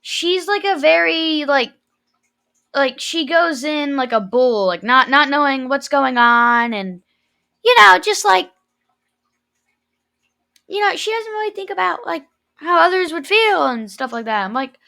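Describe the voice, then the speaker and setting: A woman's voice: high voice, very animated, a little slow, gravelly, long pauses, pushed and bright. A teenage girl telling a rambling, emotional story in a casual vlog, full of fillers. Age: teens. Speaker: vlogger.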